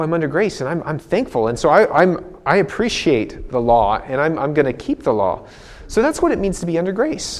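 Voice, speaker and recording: Male preacher, casual sermon, chatty, restarts a lot, laughs at himself. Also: on the high side. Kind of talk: sermon with personal story.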